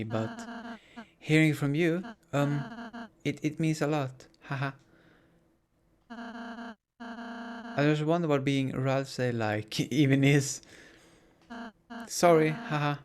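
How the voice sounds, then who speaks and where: A man's voice: on the high side, close to an everyday voice. A man voicing a shy, stammering young woman. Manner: hesitant, stammering, gentle. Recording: game music behind.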